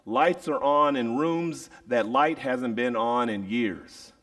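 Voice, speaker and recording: A man's voice: mid-range voice, slow, fairly bright tone, far from the mic. A man preaching a storytelling sermon in a theatrical way, with sound effects and acted voices.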